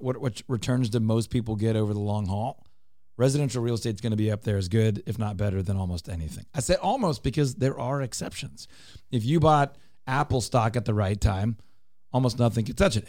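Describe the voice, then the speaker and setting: A man's voice: medium pitch, dark tone, no echo, clean studio sound. A man hosting a talk radio show, explaining his points emphatically and repeating them for clarity. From Texas. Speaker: radio show host, real estate broker.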